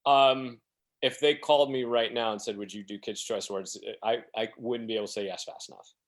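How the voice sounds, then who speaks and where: A man with a medium-pitched, steady voice speaks briskly as a podcast guest. He tells rambling, self-deprecating stories casually, voicing other people's quotes as he goes.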